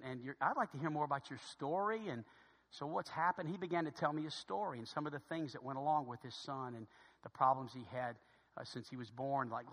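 A man's voice: mid-range voice, big-room sound. A middle-aged man preaching as a pastor, telling a story conversationally and repeating words as he goes. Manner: repeats words, conversational, grows hushed when serious. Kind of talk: storytelling sermon.

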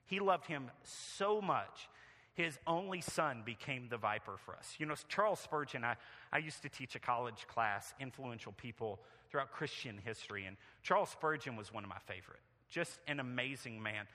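Bright-voiced pastor preaching in a hall. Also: male voice, medium pitch, animated, normal speed. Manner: conversational, earnest, reads aloud at length. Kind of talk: sermon.

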